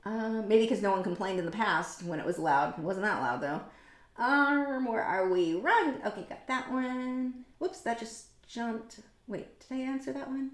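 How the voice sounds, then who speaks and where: Chatty lady artist on a livestream, kinda high voice, rambly, echoey room. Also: unhurried. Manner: chatty and rambling, reads viewer comments aloud. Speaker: art livestream host. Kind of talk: casual livestream chat.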